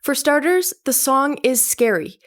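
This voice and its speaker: A woman's voice: high-pitched, lively intonation, a little slow. A young adult woman giving sarcastic music commentary in a video, with frequent laughs. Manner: wry, sarcastic, laughs often.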